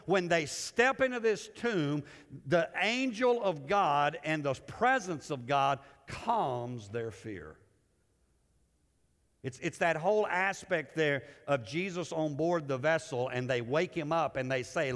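A man preaching from the pulpit with a somewhat high voice. His delivery rises into fervent calls, then drops to near-hushed asides, with words often doubled as he pushes on. A long hall reverb trails every phrase. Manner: preaching with dramatic swings between loud and hushed delivery; repeats words often while building a point. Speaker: pastor. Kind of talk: sermon.

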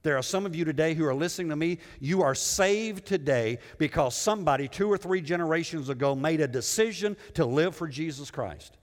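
A male pastor preaching a sermon with dramatic swings between loud emphasis and hushed lows. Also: expressive, brisk, few pauses. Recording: long hall reverb.

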